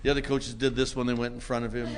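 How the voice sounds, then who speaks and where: An older man telling a self-mocking story to a meeting audience in a wry, comic way that builds into shouting. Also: medium pitch, flat delivery, racing, background noise. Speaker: recovery meeting speaker.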